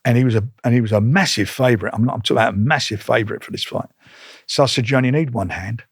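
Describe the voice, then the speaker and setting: A man's voice: medium pitch, rapid-fire, gravelly, breathy edge, no echo, studio quality. Blunt older man telling stories. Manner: blunt, animated, re-enacts conversations in quotes. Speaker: boxing promoter, guest. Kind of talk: casual interview storytelling.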